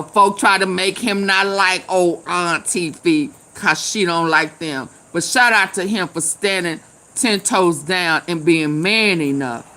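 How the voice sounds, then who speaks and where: A tipsy woman, hosting a casual live chat, loud and laughing, swearing and calling out viewers by name. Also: lowish voice. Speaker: live stream host.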